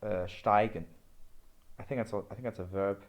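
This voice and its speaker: A man's voice: on the low side, steady tone, normal speed, slight background noise. A man talking casually through a screen-recorded study session, rambling and correcting himself as he goes. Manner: rambling, self-correcting, chatty. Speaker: language learner vlogger.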